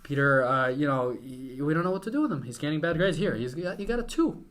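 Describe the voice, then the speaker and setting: A man's voice: on the high side, big pitch swings, fast talker, a bit bright. A man acting out a worried schoolteacher complaining about a pupil. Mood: concerned.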